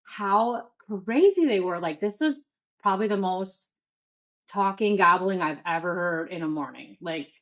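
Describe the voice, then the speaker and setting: A woman's voice: lowish voice, animated, a little slow, fairly bright tone, low-quality recording. A woman in her thirties from the Midwest, telling a story as a guest in a casual interview, full of "like" and quoted self-talk.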